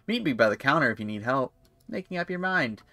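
A man's voice: medium pitch, expressive, a little fast, bright, forceful tone, no echo, pitched above the performer's own voice. A man voicing a chirpy male butcher who welcomes customers into his shop with sing-song salesman patter. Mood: cheery welcome.

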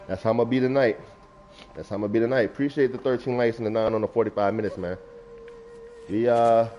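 A young adult man, a gaming streamer, riffing casually and preachily about feelings while reading chat aloud. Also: fairly low pitch. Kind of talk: casual livestream talk. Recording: lo-fi stream mic.

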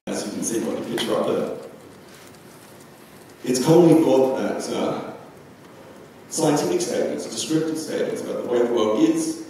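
A man's voice: medium pitch, warm tone, a little hiss or hum. A young man giving a philosophy talk at a conference, loose and chatty with frequent ums. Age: young adult. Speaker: conference speaker. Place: large lecture hall. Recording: echoey hall from far off.

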